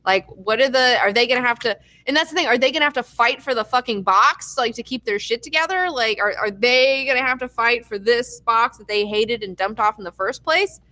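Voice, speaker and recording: A young woman casually recapping a TV episode, swearing freely, excitable and acting out characters' lines. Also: on the high side, fairly quick, hardly any pauses. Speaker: TV recap host.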